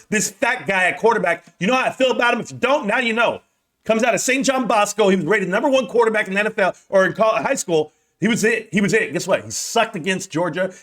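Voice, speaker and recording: A man's voice: sits high, fairly bright tone. A young man ranting off the cuff about football, brash and trash-talking, calling his viewers guys and bro. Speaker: sports vlogger.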